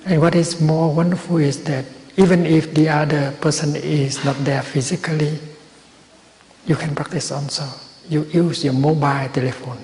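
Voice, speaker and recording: Male Buddhist teacher giving a calm, measured retreat talk in a large hall, a faint hiss behind him. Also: on the high side. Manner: slow, gentle, measured phrasing with long pauses. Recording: roomy hall with long reverb and faint noise.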